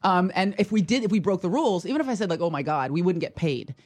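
Brisk woman comic guest, salty and animated. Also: fairly low pitch. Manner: animated, profane anecdote-telling. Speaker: guest comedian. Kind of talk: casual podcast storytelling.

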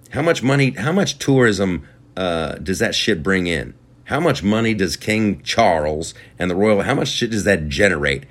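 A man's voice: fairly low pitch, a bit bright. A man hosting a comedy podcast, ranting in a crude, rambling and mocking way.

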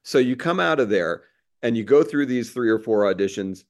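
A man's voice: medium pitch, lively intonation, normal speed, a little mellow. A man hosting a casual interview who asks the guest questions in a conversational way. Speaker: host.

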